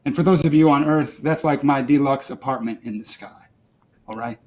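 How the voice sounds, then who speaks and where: A man's voice: medium pitch, normal speed, a little mellow. A man playing a tabletop game in character, rambling defensively with comic self-pity. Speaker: player voicing his character. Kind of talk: in-character tabletop role-play.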